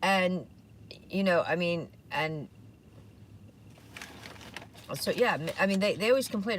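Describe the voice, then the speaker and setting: A woman's voice: medium pitch, sing-song, moderate pace, long pauses, a little hiss or hum. A woman co-hosting a podcast in casual chat, rambling with lots of fillers and restarts, recorded in a car. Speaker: podcast co-host.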